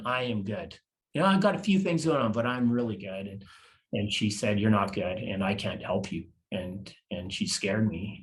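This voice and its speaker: A man in his fifties, a podcast guest, telling a personal story in a halting, confessional way and often repeating words. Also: on the low side. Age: 50s.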